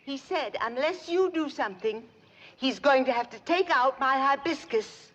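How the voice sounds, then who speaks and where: An actress playing a fussy, snobbish middle-aged society matron with a prim, genteel manner, in a 1960s sitcom. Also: female voice, high voice, lively intonation, normal speed, fairly bright tone. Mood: distressed. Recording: dull old TV audio with laugh track.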